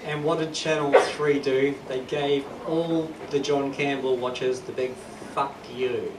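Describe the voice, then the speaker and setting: A man's voice: medium pitch, steady tone, measured pace. A man with a New Zealand accent telling rambling, self-deprecating stand-up stories on a club stage, with laughter behind him. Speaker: stand-up comedian. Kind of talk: stand-up comedy. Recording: echoey club from a distance, noisy. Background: audience laughter.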